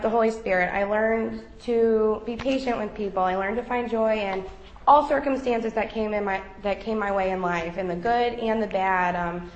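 The audio is lo-fi and echoes around the room as a young woman with a mid-range voice tells a group about her faith, her casual telling full of fillers.

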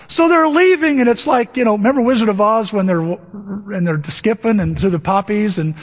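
A pastor preaching a sermon, telling the story with animated energy, acting out voices and asking the congregation questions. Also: male voice, high voice, slightly rough. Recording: dull, lo-fi audio with long hall reverb. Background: laughter from the congregation.

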